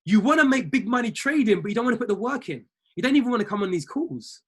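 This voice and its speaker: A high-voiced man coaches traders like a preacher, urging his listeners on and hammering points home by saying them again. His voice is husky. He speaks straight to the group. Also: expressive, fast. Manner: preacher-like, repeats lines for emphasis; exhorting, talks straight to listeners. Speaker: trading coach. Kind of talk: motivational talk to an online group.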